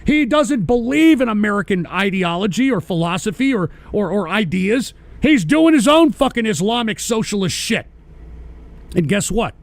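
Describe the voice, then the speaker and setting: A man's voice: high-pitched, animated, moderate pace, no echo. A man hosting a live-streamed political show, ranting and berating his listeners with constant profanity. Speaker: host.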